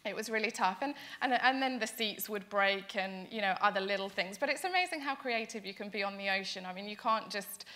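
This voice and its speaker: Young woman, interview guest, bright voice, earnest and eager delivery full of fillers. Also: mid-range voice, a little fast, hardly any pauses. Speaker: interview guest, charity founder. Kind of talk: conversational interview storytelling.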